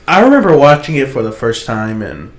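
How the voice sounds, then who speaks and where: A man co-hosting a casual movie review chat, excitable and swearing a lot, acting out scenes in loud high voices. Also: fairly quick, reverberant. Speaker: podcast co-host.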